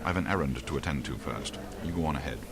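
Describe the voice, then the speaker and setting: A man's voice: extremely low pitch, fast talker, over loud music. An actor playing an aging male spy and mentor, dry and sardonic. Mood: stern, reassuring. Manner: dry, sardonic, world-weary.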